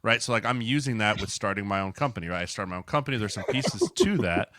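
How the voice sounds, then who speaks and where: A man's voice: on the low side, fast, no echo, clean studio sound. A man in his thirties, a podcast co-host and former pro lineman, telling a story in casual chat and acting out quotes, with lots of "like". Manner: animated, acts out quotes with filler "like".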